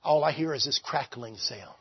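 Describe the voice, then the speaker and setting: A man preaching a revival sermon as pastor, shouting with fervor and repeating phrases. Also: medium pitch, lively intonation, normal speed, husky, dry recording, dull audio.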